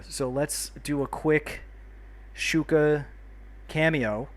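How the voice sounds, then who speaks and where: A man's voice: medium pitch, moderate pace. Chatty man hosting a livestream. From New York. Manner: chatty, friendly, greets and thanks viewers by name. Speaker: livestream host. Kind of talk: casual livestream chat while playing a city builder.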